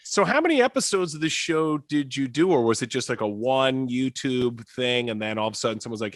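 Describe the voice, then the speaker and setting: A man's voice: mid-range voice, expressive, brisk, few pauses, no echo. Podcast host guy, jokey and playful, dry close sound. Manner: jokey, playful, puts on voices. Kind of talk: casual interview chat.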